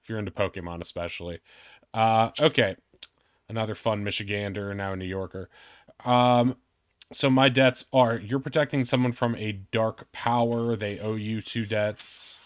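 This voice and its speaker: A man's voice: on the low side, fairly even intonation, moderate pace, no echo, clean studio sound. A man hosting a tabletop game night, chatting casually in a rambling, self-mocking way that often trails off. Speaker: game host.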